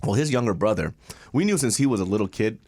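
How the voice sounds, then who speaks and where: A man co-hosting a casual podcast, telling stories with loud, laughing impressions. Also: fairly low pitch, expressive, fast, breathy edge. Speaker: podcast co-host.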